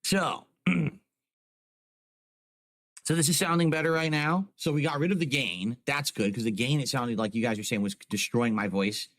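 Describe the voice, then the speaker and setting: This home streamer talks with his live chat at a moderate pace, explaining things with lots of "like" and "you know." His mid-range voice is a bit bright and sits close on a desk microphone on a boom arm.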